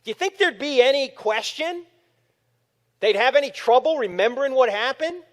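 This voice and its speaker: A high-pitched man in his fifties speaks with wide, swooping intonation, acting out the people in his stories as he talks. His voice rings with a long hall reverb in a large room full of listeners. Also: normal speed. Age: 50s. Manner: animated storytelling, acting out quotes. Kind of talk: apologetics talk to a live audience.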